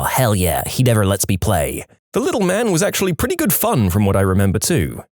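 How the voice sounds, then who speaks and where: A man's voice: mid-range voice, no echo, clean studio sound. A man narrating submitted stories in a scripted storytime reading, acting out the quoted voices. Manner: lively, acts out quoted voices.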